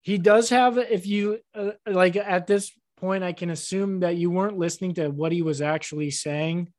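Playful, low-pitched female co-host. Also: steady tone, normal speed, a little mellow, dry recording, clean studio sound. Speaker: radio co-host. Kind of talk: casual banter and game hosting.

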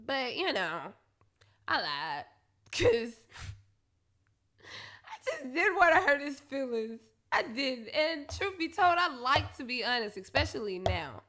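A woman tells a profane story in a high, animated voice. She talks bright and sharp and breaks into laughter between lines. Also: slow pace, pauses often. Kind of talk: candid storytelling monologue.

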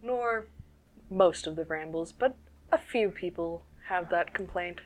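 A woman's voice: on the low side, measured pace, a little hiss or hum. A woman playing a tabletop role-playing game, playful and sassy as she talks in character. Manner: playful, sassy, laughs often. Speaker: player. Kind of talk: casual in-character play.

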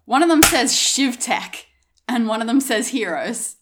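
A woman's voice: on the high side, lively intonation, a little slow. Terse woman game master, noisy line. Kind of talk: narrating a puzzle game.

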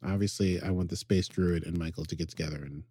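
A man's voice: sits low, steady tone, fast talker, mellow, husky, dry recording. A man co-hosting a podcast, rambling playfully with jokey asides. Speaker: podcast co-host. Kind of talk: casual chat.

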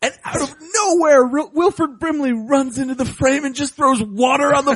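A man's voice: very high voice, normal speed, few pauses. A man co-hosting a podcast in casual chat, joking and acting out movie scenes in put-on voices. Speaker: podcast co-host.

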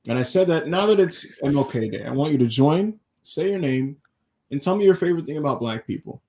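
A man co-hosting a wrestling podcast in casual chat, telling stories animatedly and doing quick voices for the people he quotes. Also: on the high side, lively intonation, darkish tone, slight background noise. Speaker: podcast co-host.

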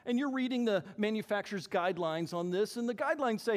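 A man preaching a sermon as pastor, animated and acting out the voices he quotes. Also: high voice, fast. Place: church hall. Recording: long hall reverb.

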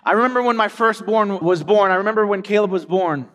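Male pastor, conversational storyteller with emphatic repetition; high voice, big reverberant sanctuary. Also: fast talker, a bit bright. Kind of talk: sermon. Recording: long hall reverb.

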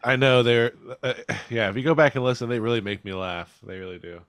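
A laid-back man chats on a podcast and laughs often. His voice is mid-pitched, and it is recorded dry and close. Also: a little fast, a bit bright, clear, resonant tone, no echo. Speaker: podcast co-host. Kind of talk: casual chat.

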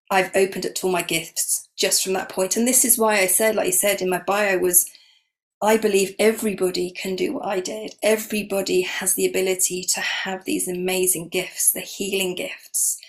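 A woman's voice: fairly low pitch, vocal fry. A middle-aged woman, telling her personal story openly and with emotion as an interview guest. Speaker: guest, energy healer.

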